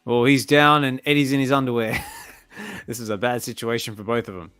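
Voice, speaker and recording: A man casually reading a comic aloud and reacting excitedly to the panels as a channel host. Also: medium pitch, brisk, smooth, no room sound, soft background music.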